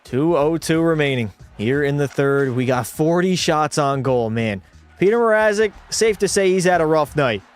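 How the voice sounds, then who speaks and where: Excitable young man calling game play. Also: fairly high pitch, normal speed, faint music behind. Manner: excitable play-by-play, swears freely, talks to chat. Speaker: gaming streamer. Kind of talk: live hockey video game commentary.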